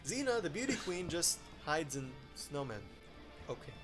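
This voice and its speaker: A man's voice: fairly high pitch, very animated, normal speed, fairly bright tone. A man narrating a scripted game review with exasperated, sarcastic complaints. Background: game music.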